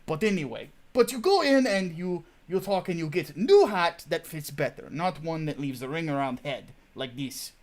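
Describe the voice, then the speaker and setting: A man's voice: fairly high pitch, lively intonation, moderate pace, few pauses, close to an everyday voice. A man putting on a mock Russian accent as a scornful communist hat seller, speaking broken English with dropped articles. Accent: put-on Russian. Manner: mocking, scornful.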